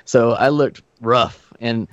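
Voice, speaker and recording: A man's voice: medium pitch, slow pace, no room sound. Profane man telling road stories. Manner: loose, profane, acts out quoted voices. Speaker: guest musician. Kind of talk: casual storytelling chat. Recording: dull, muffled podcast audio.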